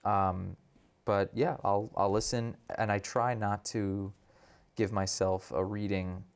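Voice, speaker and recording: Low-voiced actor, relaxed and thoughtful. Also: male voice, slow pace, clean tone. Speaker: actor, interview guest. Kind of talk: casual interview chat.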